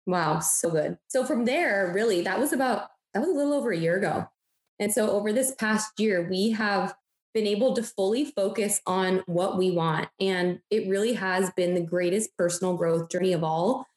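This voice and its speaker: Woman podcast co-host, upbeat and encouraging, mid-pitched voice, roomy echo. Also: moderate pace, a little mellow. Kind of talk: motivational podcast chat. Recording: echoey room.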